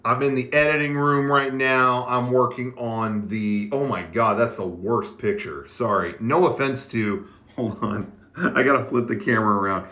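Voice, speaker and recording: Bright-voiced chatty man streaming from his desk. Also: medium pitch, fairly even intonation, normal speed. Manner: rambling, chatty, with many fillers and restarts. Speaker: livestream host. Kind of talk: casual chat to a live chat. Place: editing room.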